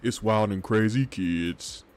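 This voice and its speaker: A man's voice: fairly low pitch, slow pace. A man hosting a casual commentary show, talking in a loose, rambling and profane way. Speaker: host.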